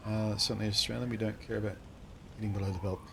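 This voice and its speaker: A man's voice: lowish voice, fairly even intonation, fast, gravelly, background noise. Wry man commenting on a game. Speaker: streamer playing a game. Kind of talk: live gameplay commentary.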